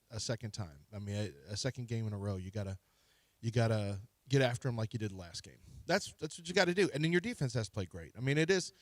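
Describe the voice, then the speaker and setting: Male co-host, mid-pitched, measured analysis, dry studio sound. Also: no room sound. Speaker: sports radio co-host. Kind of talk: sports radio analysis.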